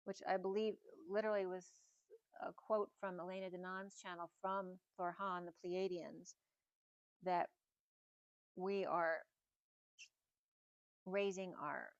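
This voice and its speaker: A middle-aged woman gives a spiritual tarot reading in a mid-pitched voice, wandering from one number and symbol to the next. Her voice is slightly hoarse, and the recording sounds dry and close. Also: no room sound. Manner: musing, meandering delivery linking numbers and symbols. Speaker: tarot reader.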